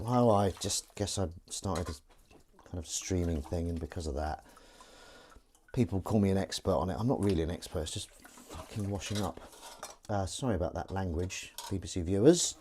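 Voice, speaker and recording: A male live streamer chats while washing up at his kitchen sink, rambling and poking fun at himself. His voice is deep and dark, his pace brisk, and there's a little hiss or hum.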